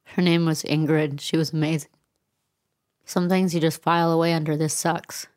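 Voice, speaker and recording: A woman's voice: deep voice, level tone, normal speed, a little mellow. A middle-aged woman speaking as an interview guest, frank and reflective with dry asides. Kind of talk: candid interview conversation.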